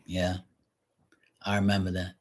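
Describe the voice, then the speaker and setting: A man hosting a casual livestream from his kitchen while washing dishes, talking frankly and rambling, often clearing his throat. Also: sits low, monotone, unhurried, a little hiss or hum. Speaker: livestream host reading chat. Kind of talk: casual chat.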